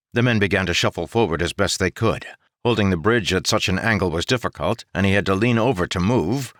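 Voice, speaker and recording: A man narrating an audiobook in a steady reading voice. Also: deep voice, dry recording, clean studio sound.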